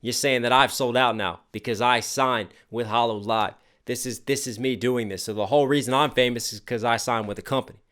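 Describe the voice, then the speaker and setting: Excitable man breaking down a song. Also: medium pitch, brisk, hardly any pauses. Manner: enthusiastic, breaks down lyrics line by line. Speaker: rapper reacting to a music track. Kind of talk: casual reaction commentary.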